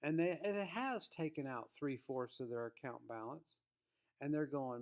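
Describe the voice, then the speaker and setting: A man's voice: medium pitch, a little slow. A man teaching viewers about trading in a casual, emphatic, folksy way, addressing them as guys. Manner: emphatic, folksy, acts out quotes. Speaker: trading educator. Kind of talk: casual spoken lesson to viewers.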